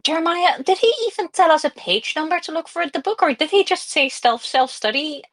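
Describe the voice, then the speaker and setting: A woman's voice: sits high, animated, a little fast, fairly bright tone, dry recording. A woman playing in a tabletop game, making wry, joking remarks. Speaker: player. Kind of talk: casual tabletop play.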